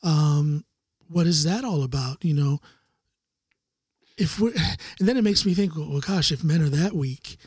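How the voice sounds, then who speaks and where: A man's voice: a little high, a little slow, a little mellow, slightly rough, no room sound, clean studio sound. A man hosting a podcast in casual conversation, rambling and thoughtful with restarts. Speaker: podcast host.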